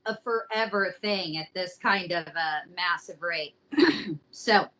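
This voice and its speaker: Slow-talking bright-voiced woman host. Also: on the low side, poor audio. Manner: slow, joking, swears freely. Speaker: podcast host and storyteller. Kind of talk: casual chat, telling a true story.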